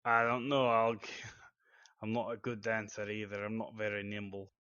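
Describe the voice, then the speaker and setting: A man plays his character in a tabletop game with a laid-back, folksy drawl. His voice is bright and forward, but it comes through a dull, lo-fi mic in a dry room with faint music. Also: on the low side, flat delivery, moderate pace, clear, resonant tone, no room sound. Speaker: player.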